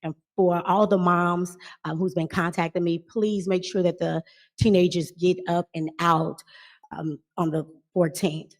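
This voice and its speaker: A woman community organizer giving public meeting announcements with a steady delivery and many filler pauses. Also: fairly low pitch.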